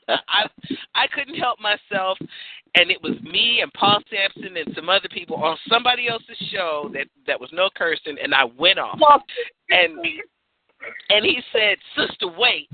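A woman with a cold, chatting on an online radio show and telling stories with emphatic, animated energy. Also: medium pitch, moderate pace. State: has a cold. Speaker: poet and radio show guest. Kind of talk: casual chat. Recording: tinny phone line.

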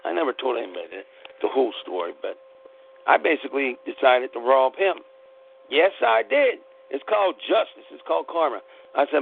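Middle-aged man, gravelly, blunt and profane storyteller; tinny phone-line sound. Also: medium pitch, moderate pace, a little hiss or hum. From Pittsburgh, United States. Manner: blunt, profane, animated retelling. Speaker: podcast host. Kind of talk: rambling personal storytelling.

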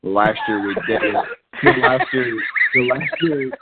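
A man's voice: medium pitch, normal speed. A man telling a story in casual chat, repeating himself as he restarts. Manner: repetitive, with restarts. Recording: tinny phone-like audio with faint noise.

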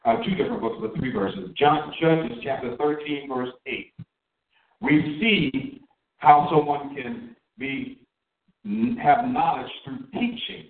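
A man's voice: mid-range voice, animated, echoey room, far from the mic, narrow, tinny audio. A man preaching a sermon, drawing out his key words and asking his listeners questions. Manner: emphatic, drawn-out stresses on key words.

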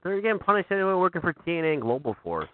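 A man's voice: a little high, big pitch swings, rapid-fire, no room sound. A man who is a podcast guest, laid-back and full of fillers in casual chat. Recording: dry, tinny phone-like line.

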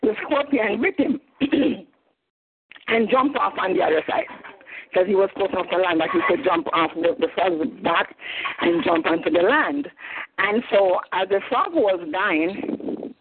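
A woman with a Jamaican accent teaching a Bible study, who often clears her throat and restarts her sentences. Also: on the low side, moderate pace, background noise. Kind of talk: teaching sermon, storytelling. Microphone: phone call. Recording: tinny phone line.

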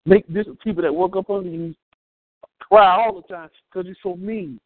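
A man preaching a sermon in an animated, humorous way, calling out to his congregation. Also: high voice, normal speed, dry recording. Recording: thin phone-like sound, dry.

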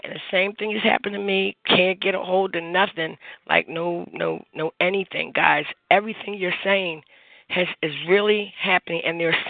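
A man with a high, gravelly voice presses his points over and over, using lots of fillers. He comes through a dry, tinny phone connection with no room sound. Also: dry recording. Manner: insistent, repeats himself, many fillers. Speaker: caller. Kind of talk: call-in talk show.

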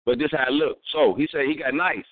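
Dude rattling off a story quick, slangy and cussing, kinda high voice, thin phone-line sound. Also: male voice, no room sound. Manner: animated, acts out voices in his stories; profane street slang, repeats words while thinking. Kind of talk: casual storytelling chat. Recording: tinny phone-like sound, dry.

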